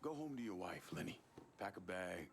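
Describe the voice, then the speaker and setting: A curt gangster giving orders, with a low, steady voice. He speaks in brief, brusque lines of video game dialogue. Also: moderate pace, gravelly, a little hiss or hum, full character voice. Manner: calm, brusque.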